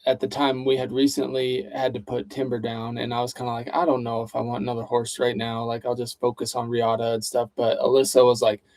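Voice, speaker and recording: A man's voice: mid-range voice, completely flat delivery, fairly quick, few pauses, a little mellow, no echo. A man co-hosting a casual livestream chat, reading out viewer questions in an easygoing way. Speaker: co-host.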